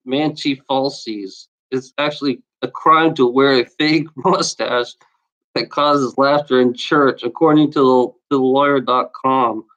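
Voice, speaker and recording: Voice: mid-range voice, steady tone, unhurried, fairly bright tone, highs cut off. Profane vlogger ranting about odd laws. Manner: scoffing laughter between readings.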